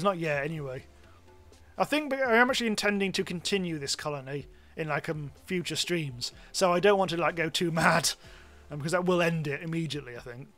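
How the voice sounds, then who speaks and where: A man's voice: on the high side, a little fast, pushed and bright, soft background music. A British man giving rambling, casual commentary on a live game stream, swearing freely.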